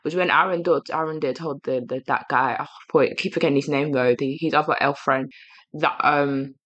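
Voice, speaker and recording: London-accented male co-host, bright forward tone, lively and quick to act out reactions. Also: on the high side, dull audio. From East London, England. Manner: animated, acts out reactions. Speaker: podcast co-host. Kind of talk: casual TV review chat.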